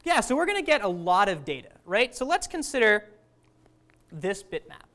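A woman's voice: mid-range voice, fairly bright tone. A woman teaching a class in a casual, conversational lecture, often asking the students questions.

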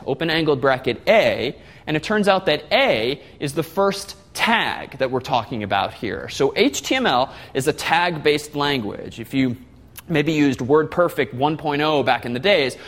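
A man giving a classroom lecture, explaining step by step and putting questions to the class. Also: fairly high pitch.

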